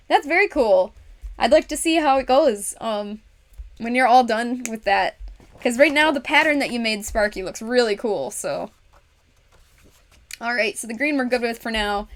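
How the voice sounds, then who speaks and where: A woman hosting a casual craft livestream, chatting to viewers and talking herself through each step with frequent laughs. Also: on the high side. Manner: speaks to viewers in chat. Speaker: livestream host.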